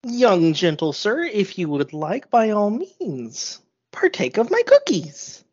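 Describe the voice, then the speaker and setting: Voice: medium pitch, huge pitch swings, takes it slowly, a little mellow, husky, voice pushed up, full character voice. A game master voicing a fussy, genteel old ghost baker lady with prim, old-fashioned manners, in a tabletop game. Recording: slightly dull lo-fi audio.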